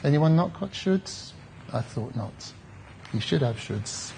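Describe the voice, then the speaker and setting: A man's voice: a little high, animated, slow, vocal fry, darkish tone, slight background noise. A man, a therapist, giving a conference talk in a reflective, conversational way with wry asides to the audience. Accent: British English.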